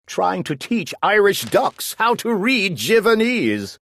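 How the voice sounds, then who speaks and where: A man's voice: high-pitched, takes it slowly. Man reading a rhyming storybook, sing-song. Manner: lively sing-song storytelling, playful emphasis. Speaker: storybook reader. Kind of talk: reading a children's book aloud.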